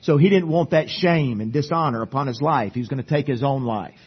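A male pastor preaching a sermon at a church service, emphatic, swinging between loud declarations and hushed asides. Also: medium pitch, a little fast, husky, lo-fi sound.

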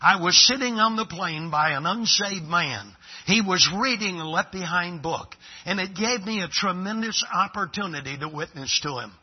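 A male preacher delivering a revival sermon, telling stories and swinging between hushed lines and emphatic ones. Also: sits high, lively intonation, normal speed, breathy edge, highs cut off.

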